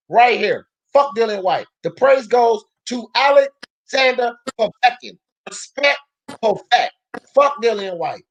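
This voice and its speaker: A woman talk-show host delivers a loud, profane rant about boxing, her voice rising to a shout over and over. She speaks a little higher than typical for a woman, full of heated and unyielding conviction.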